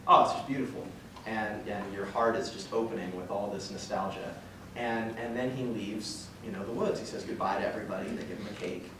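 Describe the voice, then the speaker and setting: Young guy telling his faith story, gets choked up and trips over words, far mic, super echoey room with hiss. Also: fairly low pitch. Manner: earnest and emotional, rambling with restarts and chuckles. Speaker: guest speaker at a parish talk. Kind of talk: personal faith talk to a church group. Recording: very echoey hall from far off, noisy.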